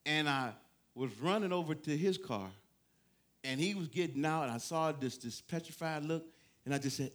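Male pastor, high bright voice, animated sermon storyteller. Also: moderate pace. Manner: animated storytelling, laughing, rising to near-shouts. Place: church with a congregation.

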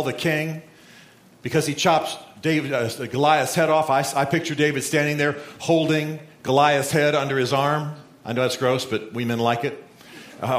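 A male pastor preaching a sermon, telling a Bible story and acting out the quotes with lively, conversational energy. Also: a little high. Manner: storytelling, animated, acts out quotes. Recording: roomy echo.

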